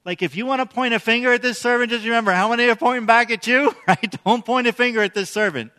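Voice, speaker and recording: A man's voice: very high voice, quick pace, bright, forceful tone, in a large hall. A man preaching a sermon in a conversational way, often asking the congregation questions. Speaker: pastor.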